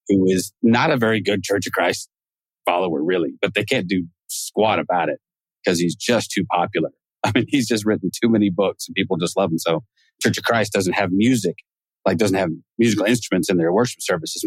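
A man's voice: low voice, no echo. A man hosting a podcast in a casual, joking conversational way, laughing often. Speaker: podcast host.

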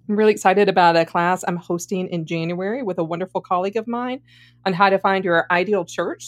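A woman from the Deep South co-hosting a podcast, upbeat and enthusiastic. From Deep South United States. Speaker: podcast co-host. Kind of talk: casual podcast chat.

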